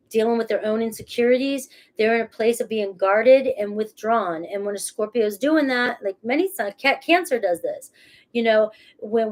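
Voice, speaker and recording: This tarot reader has a fairly high, slightly mellow voice and talks to camera during a casual reading. She reassures in a chatty way, often says "okay" and "all right," and tends to laugh at herself and restart what she was saying.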